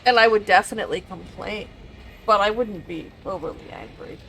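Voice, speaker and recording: A woman's voice: mid-range voice, moderate pace, creaky, a bit bright, slight background noise, rough recording. A woman live-streaming a video game, chatting casually with her viewers and laughing often. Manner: chatty, answers chat with frequent laughs. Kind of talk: casual live-stream chat while gaming.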